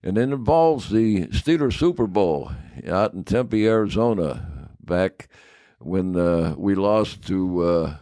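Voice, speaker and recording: An elderly man in his nineties with a low voice tells a story in a slow, meandering way, stopping often to restart his sentences. The sound is dry and close, with no room echo. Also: animated, warm tone. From United States. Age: 90s. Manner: rambling, halting, with many fillers and repeats. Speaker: podcast guest, former football player. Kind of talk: anecdotal storytelling.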